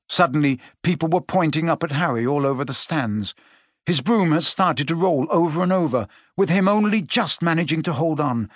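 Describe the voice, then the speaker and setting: A man narrating a story aloud, expressive and changing his pace as he reads. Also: on the high side, moderate pace, dry recording, studio quality. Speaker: audiobook narrator. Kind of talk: scripted narration.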